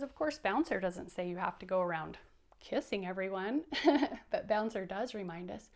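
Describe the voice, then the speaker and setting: A woman's voice: a little high, a little mellow. A woman reading a picture book aloud to children, explaining the story and prompting them to repeat words and sounds with her.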